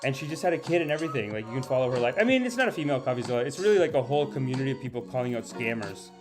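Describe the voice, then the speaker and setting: A man hosts a comedy live stream in a voice of ordinary middle pitch. He rambles and puffs himself up in mock grandeur while talking straight to his chat. Quiet music plays behind him. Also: animated, racing. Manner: talks to the live chat and reads out viewer names.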